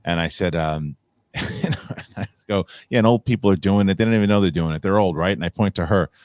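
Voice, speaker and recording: Guy hosting a podcast, kinda low voice, dry close mic, swears a lot. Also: a little fast, a little mellow, no echo. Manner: laughing storyteller, swears casually. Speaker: podcast host. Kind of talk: casual chat.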